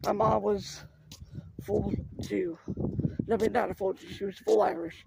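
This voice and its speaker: A man with a high, gravelly voice rambles to his viewers in a casual walking vlog. He is outdoors on a neighborhood street, filmed on a handheld phone. Clear background noise runs through the outdoor recording. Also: flat delivery, unhurried. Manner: rambling, chatty, talks straight to viewers. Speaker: vlogger. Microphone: phone camera held while walking.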